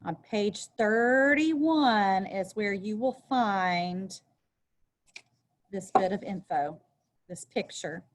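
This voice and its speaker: A woman teacher speaks very slowly in a medium-pitched, animated voice, over a faint hiss or hum. Working at a desk with a workbook, she reads a passage aloud and then explains it chattily with casual side remarks.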